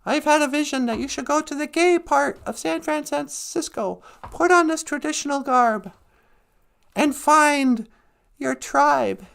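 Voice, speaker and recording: A man's voice: very high voice, a little slow, vocal fry, fairly bright tone, heavily acted. A man voicing an older, earnest male grandfather in a spoken joke. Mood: solemn.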